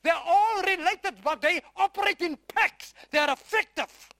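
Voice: extremely high pitch, sharp tone. A preacher giving a sermon from the Bible, often repeating phrases and quizzing the listeners with questions. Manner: emphatic, stretching key words slowly.

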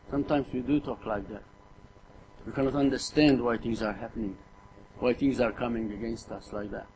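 An earnest middle-aged man delivers a sermon at a mid-range pitch, often stumbling over and repeating his words. He keeps putting rhetorical questions to his congregation. A faint noise sits under the recording. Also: fairly even intonation, brisk, a little mellow, low-quality recording. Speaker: preacher.

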